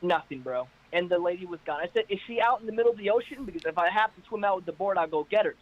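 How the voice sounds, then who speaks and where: A man with a high voice tells stories with plenty of energy and pushes each punchline hard. His voice comes over a video call, and the audio sounds muffled and lo-fi. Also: racing. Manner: energetic, hyped-up storyteller. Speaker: caller guest. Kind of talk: casual chat on a video call. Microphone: internet call.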